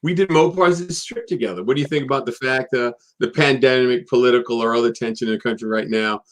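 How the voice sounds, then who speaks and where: A man's voice: medium pitch, quick pace. A man hosting a live talk show who is easygoing and chatty and laughs often. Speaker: host. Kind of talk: casual chat.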